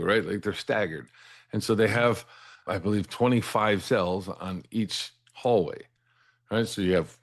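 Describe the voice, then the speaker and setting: A middle-aged man with a very deep voice shares his personal story as an interview guest. He talks earnestly, restarts words as he gathers his thoughts, and checks in with "right?" after his points.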